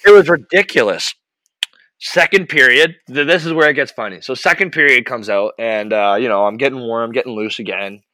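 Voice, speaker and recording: A young man telling an animated, profane story about his hockey days in casual chat. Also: mid-range voice, brisk, no room sound. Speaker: podcast host, former hockey goalie.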